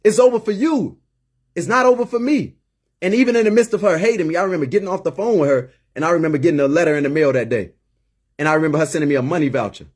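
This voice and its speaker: A middle-aged man with a slightly high, slightly mellow voice races through his words as he hosts a call-in show. In an impassioned monologue, he speaks emphatically and repeats words as he gets worked up.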